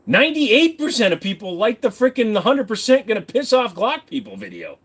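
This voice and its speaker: A man's voice: high-pitched, wildly swooping pitch, normal speed, a bit bright, breathy edge. Rambling, joking man hosting a livestream. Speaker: livestream host. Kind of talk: casual livestream chat.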